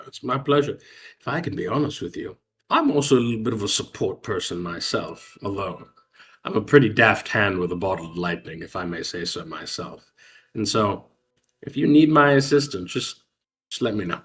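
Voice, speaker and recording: A man's voice: lowish voice, expressive, normal speed, a bit bright. A man voicing a smug, self-important man-child who talks down to others. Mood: condescending. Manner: condescending, pompous.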